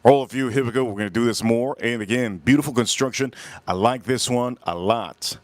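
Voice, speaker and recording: A man in the middle of his pitch range hosts a live cigar review outdoors, his voice still groggy from just waking up. He talks in a relaxed, loose way, repeats phrases and greets viewers in the chat. The sound is dry and close. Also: a little fast, dry recording. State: groggy morning voice, just woke up. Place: outdoors, windy.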